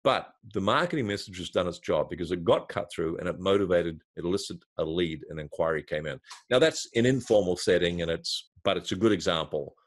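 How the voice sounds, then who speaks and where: Here an interview guest who works as a marketing consultant illustrates his ideas with a lively example told step by step. He has a low-pitched voice, moves briskly, and rarely pauses.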